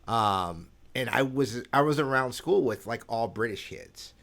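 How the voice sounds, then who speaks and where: A man's voice: medium pitch, expressive, gravelly, a bit bright. Rambling man in easy podcast chat. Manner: rambling, halting, many "um" and "like". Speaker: podcast co-host. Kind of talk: casual chat.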